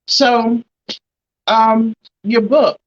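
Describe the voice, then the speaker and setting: A woman's voice: on the high side, steady tone, extremely slow, highs cut off. A woman hosting a talk show, speaking at length and with feeling as she thanks her guest. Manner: emotional, grateful, talks at length. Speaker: host.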